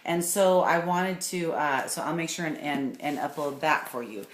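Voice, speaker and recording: A woman's voice: low-pitched, moderate pace. A woman giving a recorded course lecture, talking in a rambling, enthusiastic way with many fillers and restarts. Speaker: course instructor. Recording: echoey room with faint noise.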